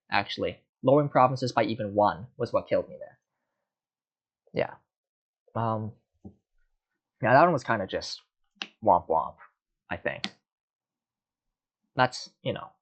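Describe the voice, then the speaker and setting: A man's voice: on the low side, lo-fi sound. A man giving casual, rambling commentary while playing a card game, muttering and mocking himself.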